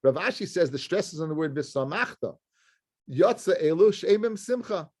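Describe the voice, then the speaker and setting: Rabbi teaching a casual Talmud class. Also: male voice, high voice, expressive, fairly quick, dark tone. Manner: poses questions and answers them himself; mixes Hebrew and Aramaic terms into English. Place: study class with listeners present.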